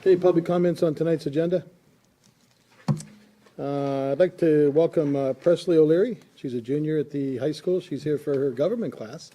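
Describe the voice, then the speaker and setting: Brisk man chairing a council meeting. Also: a little high, mellow. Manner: brisk, procedural. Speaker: council president. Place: council chamber.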